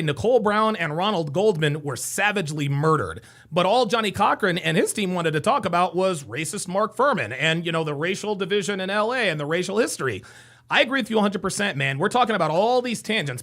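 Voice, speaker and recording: Animated high-voiced male stream host. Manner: animated, agreeable, quick reactions. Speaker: livestream host. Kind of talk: casual call-in chat.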